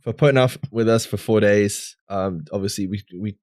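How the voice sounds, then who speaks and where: A man's voice: fairly low pitch, steady tone, normal speed, darkish tone, dry recording, clean studio sound. A man co-hosting a podcast, chatting casually over drinks in a rambling way with plenty of restarts. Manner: rambling, restarts, filler words. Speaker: podcast co-host.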